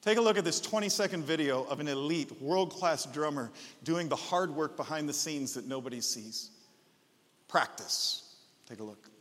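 A man preaching a sermon as pastor, enthusiastic and bursting into loud shouts. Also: a little high, moderate pace, hardly any pauses, big-room sound.

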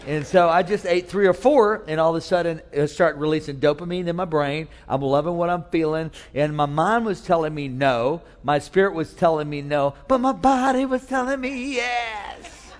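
A man's voice: a little high, moderate pace, few pauses, long reverb tail, a little hiss or hum. A man preaching a sermon, telling a funny personal story and acting out voices for laughs. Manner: storytelling with humor, acts out voices. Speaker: pastor.

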